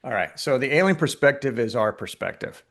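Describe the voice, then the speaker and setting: A filmmaker being interviewed, telling stories in a lively, conversational way with frequent fillers and restarts. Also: male voice, mid-range voice, a little fast. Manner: animated storyteller, many restarts and fillers. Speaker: filmmaker guest.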